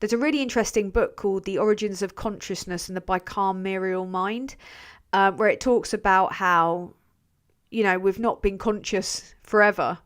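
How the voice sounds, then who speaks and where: A woman's voice: mid-range voice, fairly even intonation, moderate pace, smooth. A young English woman chats loosely on her livestream. She drifts from topic to topic, swears without a second thought and laughs easily while she answers her viewers. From England. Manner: swears freely, rambling, laughs often. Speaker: channel host reading live chat. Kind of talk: casual livestream chat.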